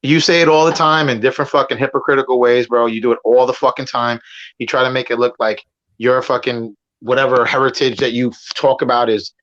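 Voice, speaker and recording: A man's voice: mid-range voice, little pitch movement, brisk, fairly bright tone. A man from Puerto Rico arguing heatedly on a stream, rambling, swearing and talking over the other side. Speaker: guest debater on a stream. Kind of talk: heated argument. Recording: muffled lo-fi audio.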